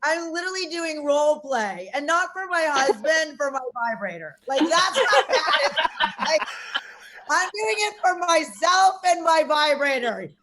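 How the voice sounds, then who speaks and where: A woman's voice: sits high, big pitch swings, unhurried, a bit bright, a little hiss or hum. A woman in her forties doing brash, self-mocking, profane stand-up comedy from her garage over a video call. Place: home garage.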